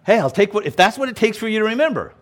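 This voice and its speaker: Lively, animated male pastor teaching. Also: high-pitched, racing. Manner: animated, emphatic, explains and repeats points; casual asides and self-restarts. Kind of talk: verse-by-verse Bible teaching sermon.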